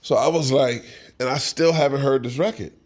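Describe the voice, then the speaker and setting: A middle-aged man tells a story in a casual interview. His pitch sits in the middle range, and he laughs often and acts out what other people said. He talks loose and easy, like he is reliving the moment. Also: fairly quick. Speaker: songwriter guest.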